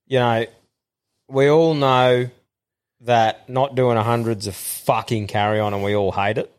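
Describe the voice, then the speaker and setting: A man's voice: mid-range voice, fairly even intonation, a little slow, clear, resonant tone. A man with an Australian accent co-hosting a casual podcast, blunt and full of swearing. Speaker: podcast co-host. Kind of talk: casual chat.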